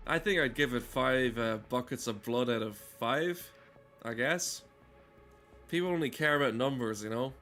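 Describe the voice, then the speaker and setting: A man streaming a game, talking in deadpan, rambling casual comedy full of hesitations. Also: mid-range voice, moderate pace, faint music behind. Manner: deadpan, rambling, heavy with "uh" fillers. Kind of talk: casual rambling comedy chat while gaming.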